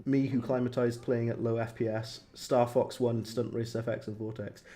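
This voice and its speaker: A man's voice: medium pitch, level tone, normal speed, dark tone. A young man chatting casually on a stream, reading chat and reacting with a rambling, laughing manner. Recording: faint music behind. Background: faint music.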